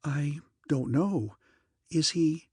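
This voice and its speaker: A man's voice: a little high, very slow, husky, dry recording, studio quality, pitched above the performer's own voice, full character voice. A man doing a weak-voiced, frightened woman. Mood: shaken. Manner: weak, thin.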